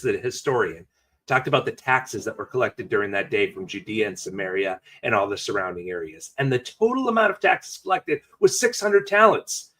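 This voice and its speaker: Animated, conversational male preacher. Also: fairly high pitch. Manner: animated, conversational storytelling with jokey asides. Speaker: pastor. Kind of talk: sermon.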